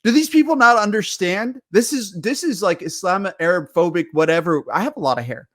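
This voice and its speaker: A man's voice: high-pitched, a little fast, no echo, clean studio sound. Ranting, swearing podcast co-host man. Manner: animated, swears a lot, ranting banter. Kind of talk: casual chat.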